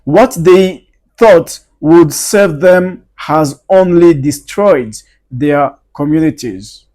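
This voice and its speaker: A man's voice: fairly high pitch, animated, slow pace, a little mellow. A man hosting a reaction channel, addressing his viewers over and over as he comments. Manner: keeps calling out to the viewers, repeating himself. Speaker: channel host.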